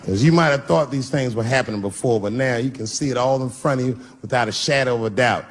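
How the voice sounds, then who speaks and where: A middle-aged man doing a live stand-up routine, punchy and profane, swinging between loud bursts and low asides. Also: quick pace. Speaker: stand-up comedian. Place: comedy stage before a live crowd. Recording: noisy live stage recording with audience.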